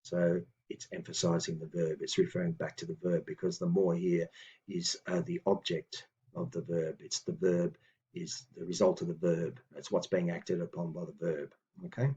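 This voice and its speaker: A man teaching a lesson, reading out phrases slowly and deliberately, with hesitant fillers between explanations. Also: deep voice, little pitch movement, warm tone, breathy edge, highs cut off. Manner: slow and deliberate on old words, with hesitant fillers. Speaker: language teacher. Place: room with books on a table.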